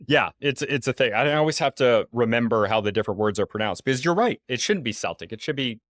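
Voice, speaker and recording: A man's voice: mid-range voice, expressive, fairly quick, no room sound, studio quality. A young man from the United States hosting a podcast, talking casually with many fillers and hesitations. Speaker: podcast host. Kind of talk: casual interview chat.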